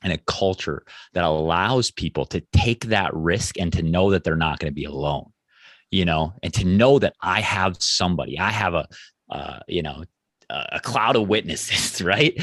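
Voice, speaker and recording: A man's voice: low voice, a bit bright, no echo, clean studio sound. A man hosting a podcast interview, speaking in a reflective, encouraging way. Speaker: podcast host.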